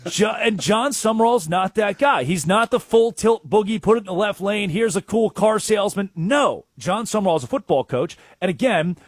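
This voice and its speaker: A man co-hosting a sports talk show, telling stories in an excitable way and acting out quotes. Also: high voice, normal speed, hardly any pauses, breathy edge, no echo, clean studio sound. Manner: storytelling, acts out quotes, excitable.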